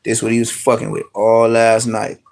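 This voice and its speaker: A man's voice: fairly low pitch, monotone, normal speed, vocal fry, a little mellow. A man talking loosely into his phone on a live stream from home. He wanders from point to point in slang-heavy, profane everyday speech. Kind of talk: casual live-stream chat.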